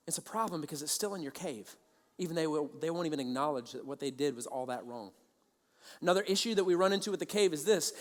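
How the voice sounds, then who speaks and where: A man preaching a sermon as a pastor, telling stories in an animated way and acting out both sides of conversations. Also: on the high side, in a large hall. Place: large church auditorium.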